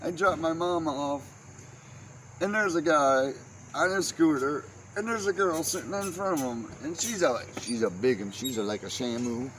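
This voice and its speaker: A man's voice: on the high side, lively intonation, normal speed, a bit bright. A man casually telling funny family stories in a rambling way, chuckling at his own tales. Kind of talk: casual storytelling monologue. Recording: noisy background.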